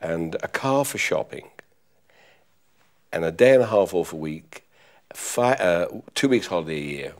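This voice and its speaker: An older man from the East End of London with a softened London accent, answering interview questions in a polite, formal, measured way as a professional toastmaster. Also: sits low, expressive. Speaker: professional toastmaster and butler school head.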